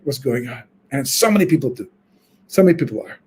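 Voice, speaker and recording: A man's voice: mid-range voice, expressive, fast, a little mellow, husky. A rabbi giving a weekly Torah class, talking informally and thinking aloud as he teaches. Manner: informal storytelling, thinking aloud with frequent restarts. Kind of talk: conversational Torah lecture.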